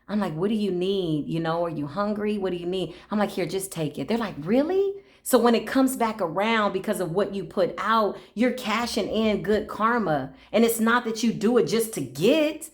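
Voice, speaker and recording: A middle-aged woman chats about spirit and everyday stories, slipping into other people's voices as she tells them. She talks from a room with a noticeable echo. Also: medium pitch. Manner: animated storytelling, acts out voices, laughs often. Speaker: spiritual reader. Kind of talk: casual spiritual talk. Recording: echoey room.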